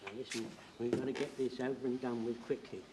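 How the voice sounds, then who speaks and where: A man's voice: medium pitch, little pitch movement, fast, heavy background noise, natural voice. An actor playing a flustered, eager elderly man who rambles and stumbles over his words in a 1970s TV sitcom.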